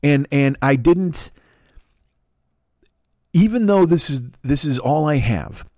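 A man's voice: fairly high pitch, lively intonation, slow pace, darkish tone, no echo, studio quality. A man hosting his own podcast, a comedian rambling in a profane, self-deprecating solo monologue.

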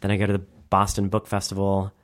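A man's voice: sits low, completely flat delivery, fast talker. A young man, a guest author, chatting enthusiastically in an interview. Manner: enthusiastic, bubbly. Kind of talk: casual interview chat.

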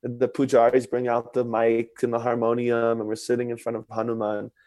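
A man telling a personal story in conversation, earnest and expressive, with many fillers. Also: medium pitch, a little fast, dry recording.

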